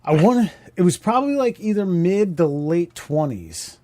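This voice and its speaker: A man's voice: high-pitched, big pitch swings, normal speed, warm tone, dry recording. A man co-hosting a casual comedy podcast, rambling through stories with fillers and laughs. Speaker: podcast co-host.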